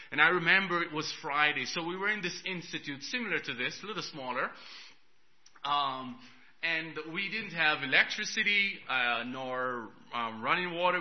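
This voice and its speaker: Man preaching on a dull recording. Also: a little high. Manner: storytelling, swings from hushed to loud, chuckles. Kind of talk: sermon with personal story.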